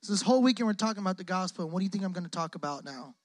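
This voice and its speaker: A young man preaching a lively call-and-response sermon in a church hall, joking often and using lots of casual slang. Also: high-pitched, very fast. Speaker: guest preacher. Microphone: close microphone on the speaker.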